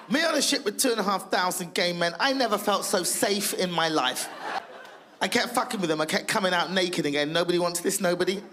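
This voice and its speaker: A woman from England, performing stand-up comedy as a comedian in a brash, profane way, acting out loud voices. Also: fairly low pitch, noisy background.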